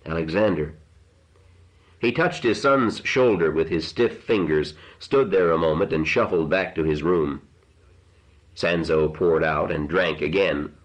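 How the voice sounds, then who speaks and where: Deep-voiced man reading a novel aloud. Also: unhurried. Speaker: narrator. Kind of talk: audiobook narration. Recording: dull lo-fi recording.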